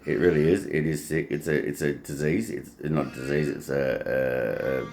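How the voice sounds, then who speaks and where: A man's voice: rumbling low, steady tone, normal speed, vocal fry, darkish tone, slight background noise. A man vlogging at home, rambling and crude, swearing freely between fillers. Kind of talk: casual rambling vlog monologue. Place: home, while making breakfast.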